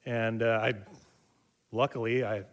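With a flat, measured delivery in a mid-range voice, this middle-aged man preaches as a pastor. His stories wander conversationally, thick with fillers and restarts, as he voices the people in them through acted-out dialogue.

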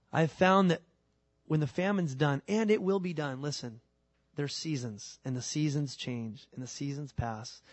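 A man preaching a sermon in a casual, animated way, moving between loud emphasis and quiet, earnest lines. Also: fairly high pitch, dry recording. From California. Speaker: pastor.

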